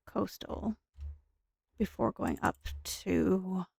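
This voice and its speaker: A tired woman giving soft-spoken, rambling commentary while she plays a game, with self-deprecating asides. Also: fairly low pitch, very slow, vocal fry, breathy edge, no echo, studio quality. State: tired, speaking softer and lower. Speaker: gaming streamer. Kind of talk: casual gameplay commentary.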